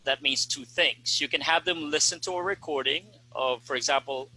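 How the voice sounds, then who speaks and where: Man, non-native english speaker, very bright voice, measured teacherly explanations, casual panel talk. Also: fairly high pitch, poor audio. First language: Tagalog. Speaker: host and ESL teacher.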